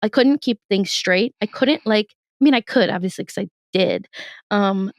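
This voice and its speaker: Animated woman, dry close sound. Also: mid-range voice, moderate pace, no echo. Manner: animated storytelling, laughs often, acts out quotes. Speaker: podcast guest, comedian. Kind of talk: casual interview chat. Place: in her bed.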